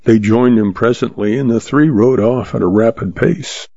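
A man narrating a story in a steady, even reading, recorded dry and slightly muffled. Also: medium pitch, moderate pace, vocal fry, no room sound. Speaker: audiobook narrator. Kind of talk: scripted narration.

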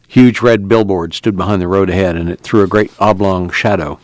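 Low-voiced male audiobook narrator. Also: no echo. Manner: steady, measured reading.

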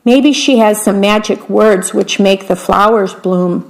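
A woman's voice: medium pitch, unhurried, natural voice. A woman doing a grumpy, self-important man. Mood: cross. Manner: cross, demanding. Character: grumpy, self-important man who owns a big house.

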